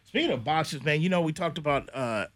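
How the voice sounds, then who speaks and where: A man's voice: a little high, expressive, quick pace, fairly bright tone, no room sound. A man hosting a sports podcast, telling long rambling stories in a loose, slangy way. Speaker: podcast host. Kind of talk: casual sports chat.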